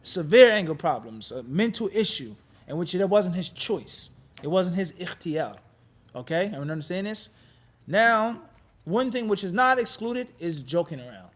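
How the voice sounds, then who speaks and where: A man teaching Islamic law to a class, animated and quizzing his students again and again. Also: high voice, moderate pace. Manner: animated, quizzes class with repeated "what?" prompts; acts out quoted people in lively bits. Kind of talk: classroom lecture.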